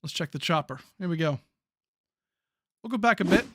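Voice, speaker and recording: A man with a high, light voice calling a sim truck race play-by-play. He talks in a chatty, excitable way, full of fillers and quick reactions to the action. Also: no room sound, studio quality. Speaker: sim racing play-by-play commentator. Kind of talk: live race commentary.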